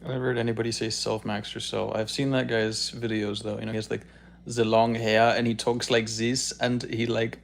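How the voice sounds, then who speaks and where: A man's voice: lowish voice, fairly quick, gravelly. A man on a livestream, casually chatting and joking as he reads out viewer comments. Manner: relaxed, joking, laughs often.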